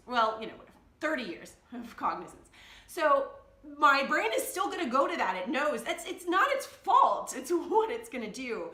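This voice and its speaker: A woman life coach vlogs candidly into her phone or camera, emotional and blunt, often laughing as she confesses. Her high voice is sing-song, pushed and bright, at a normal speed. The room gives the recording an echo.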